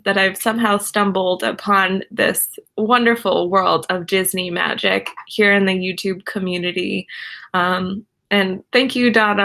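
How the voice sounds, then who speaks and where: A young woman hosting a casual live stream from home, gushing with thanks as she reads out viewer messages. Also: mid-range voice. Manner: gushing and effusive, many thanks and soft laughs.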